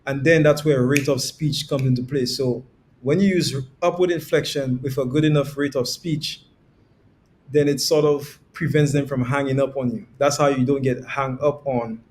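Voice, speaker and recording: Man explaining sales calls in a middle pitch. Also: fairly even intonation, moderate pace, a little mellow, a little hiss or hum. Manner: demonstrates tones with quoted examples, laughs easily. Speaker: guest sales coach. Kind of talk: conversational podcast explanation.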